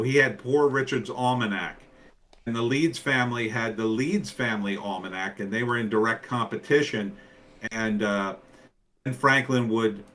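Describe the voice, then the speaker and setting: A man's voice: mid-range voice, a bit bright. A man from New Jersey talking casually as a guest, rambling and chatty with lots of fillers. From New Jersey, USA. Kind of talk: casual chat.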